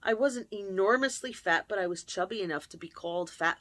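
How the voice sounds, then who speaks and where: A woman who hosts a channel tells a personal, confessional story from her computer, speaking candidly and with emotion. Her mid-range voice is a bit bright and moves a little fast, with no echo in the recording.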